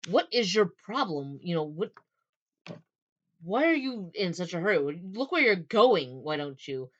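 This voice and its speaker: Brief: outgoing, emotional young woman, blunt and quick to scold, voiced by a woman. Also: lowish voice, steady tone, smooth, highs cut off. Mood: indignant. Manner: indignant, blunt.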